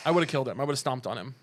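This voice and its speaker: Animated joking man hosting a podcast. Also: mid-range voice. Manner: animated, swearing, jokey rants. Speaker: podcast host. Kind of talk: casual comedic chat.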